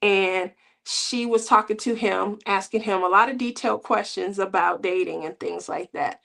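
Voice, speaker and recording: A woman's voice: mid-range voice, moderate pace, vocal fry, a bit bright. A middle-aged woman hosting a crafting channel, chatting casually with viewers in a rambling way and laughing often.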